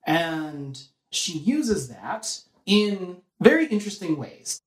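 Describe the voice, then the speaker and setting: A historian giving a measured, lecturing interview answer. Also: mid-range voice, roomy sound, rough recording.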